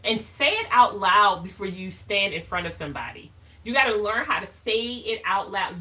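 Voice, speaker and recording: A woman's voice: medium pitch, normal speed, sharp tone, far from the mic. A woman hosting a live motivational talk, speaking emphatically and animatedly, often calling her listeners baby. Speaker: live show host.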